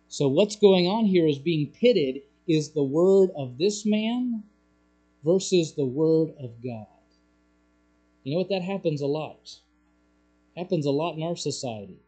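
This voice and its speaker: A man preaching a sermon as pastor, growing loud and emphatic on key points. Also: animated, a little slow. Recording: low mains hum.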